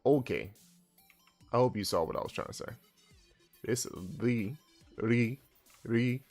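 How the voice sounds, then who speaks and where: A man streaming a casual language lesson, who swears in loud outbursts and reads chat aloud. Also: mid-range voice, measured pace, soft background music. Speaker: streamer teaching Japanese.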